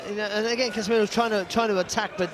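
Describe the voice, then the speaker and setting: A man's voice: high-pitched, fairly even intonation, very fast. A man giving expert boxing analysis, chatty, leaning on fillers and restarts. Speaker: boxing pundit. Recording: commentary mix with loud arena noise.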